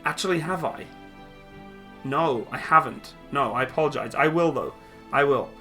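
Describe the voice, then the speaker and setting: A man's voice: a little high, normal speed, bright, forceful tone, soft background music. A man hosting a casual live stream from a room at home, reading viewer comments aloud and answering them upbeat.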